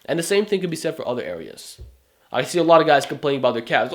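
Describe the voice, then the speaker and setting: A man's voice: a little high, expressive, quick pace. A man giving a motivational fitness monologue to camera, emphatic and full of rhetorical questions. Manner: emphatic, rhetorical questions, mocking put-on whines. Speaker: fitness YouTuber.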